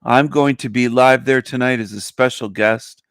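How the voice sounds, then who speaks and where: A man's voice: medium pitch, fairly even intonation, moderate pace, fairly bright tone, dry recording, clean studio sound. A man hosting a casual livestream, boastful and mocking, stretching out words for emphasis, his voice groggy after a nap. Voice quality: gravelly. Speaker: livestream host.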